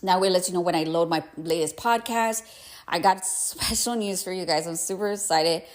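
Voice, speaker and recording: A woman's voice: lowish voice, moderate pace. A woman hosting a solo podcast, talking candidly and emphatically, with frequent fillers and some swearing, a bit congested. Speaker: podcast host. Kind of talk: casual solo podcast monologue.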